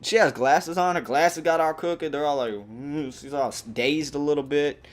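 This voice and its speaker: A young man hosting a gaming channel, telling a rambling, animated story over gameplay with plenty of fillers. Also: a little high, normal speed.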